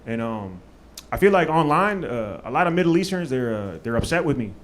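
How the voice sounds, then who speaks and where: A man's voice: medium pitch, very animated, brisk. A man from Maryland doing a stand-up comedy set on a club stage, loose and profane with lots of fillers. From Maryland, USA.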